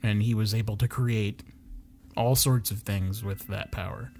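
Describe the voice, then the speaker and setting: A man's voice: fairly low pitch, fairly even intonation, unhurried, darkish tone, slight background noise. Man earnestly telling a legend in character. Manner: earnest storytelling. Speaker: player. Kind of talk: in-character tabletop game play.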